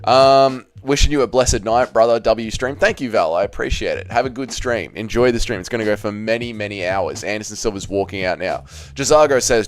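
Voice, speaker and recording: A man's voice: fairly low pitch, lively intonation, brisk. Australian man chatting on a stream. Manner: banters with viewers, swears freely. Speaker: streamer reading chat. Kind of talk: casual live-stream chat.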